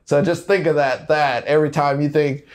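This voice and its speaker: A man's voice: fairly high pitch, steady tone, normal speed. Easygoing man telling stories with laughs. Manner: laid-back, laughs often, many fillers. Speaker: podcast guest, Marine veteran. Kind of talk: casual storytelling chat.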